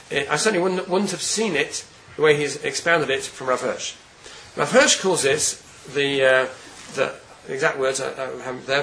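A man giving a Torah lecture, earnest and deliberate, often repeating words while he searches for the next phrase. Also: on the high side, gravelly, fairly bright tone, slight background noise, rough recording. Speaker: rabbi giving a Torah class.

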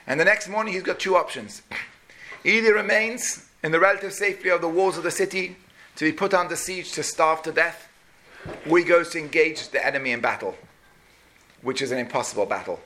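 A man's voice: fairly high pitch, brisk, sharp tone. A man giving a storytelling sermon, dramatic and sweeping, with Hebrew terms woven in. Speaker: preacher.

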